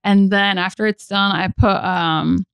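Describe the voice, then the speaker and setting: A woman's voice: medium pitch, fairly even intonation, unhurried, vocal fry, fairly bright tone, smooth, no room sound. A woman guest on a podcast, chatting casually in a bubbly, playful way and laughing often. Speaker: guest artist.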